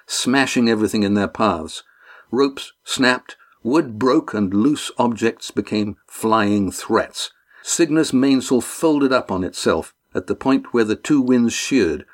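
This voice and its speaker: Casting: male audiobook narrator, steady storytelling, medium pitch. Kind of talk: scripted narration.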